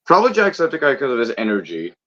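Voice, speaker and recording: A man's voice: medium pitch, huge pitch swings, fast, sharp tone, no room sound. A man streaming and chatting casually with a friend, rambling, laughing often and swearing offhand. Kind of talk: casual chat. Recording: dull lo-fi dry mic.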